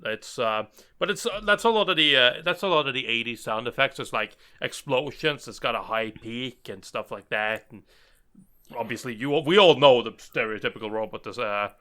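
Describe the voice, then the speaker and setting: A man's voice: medium pitch, moderate pace, pushed and bright. A man co-hosting a podcast, chatting casually and rambling with many fillers. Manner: rambling, full of fillers and restarts. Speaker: podcast co-host. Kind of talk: casual chat.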